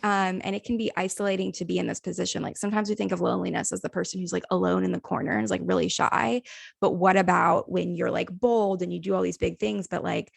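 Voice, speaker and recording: A woman's voice: lowish voice, steady tone, quick pace, creaky, dry recording. A young adult woman co-hosting a podcast in casual chat, a therapist talking candidly, swearing freely and trailing off with "like".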